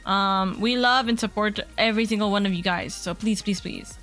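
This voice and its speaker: A woman streaming from home as a VTuber, chatting casually in a rambling, excitable way and swearing freely. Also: medium pitch, moderate pace, soft background music. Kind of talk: casual livestream chat.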